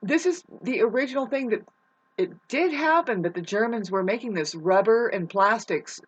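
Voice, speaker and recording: A woman with a husky, breathy voice rambles through a spiritual monologue. She gets excitable, leaps into loud outbursts, then drops to low mutters, and swears freely. The recording sounds dull and lo-fi. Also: moderate pace. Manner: swears casually, many restarts. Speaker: vlogger.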